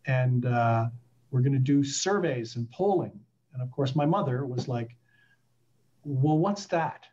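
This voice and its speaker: A middle-aged man from Canada telling stories in a casual interview, animated and acting out quoted voices. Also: mid-range voice, normal speed, highs cut off. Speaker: guest.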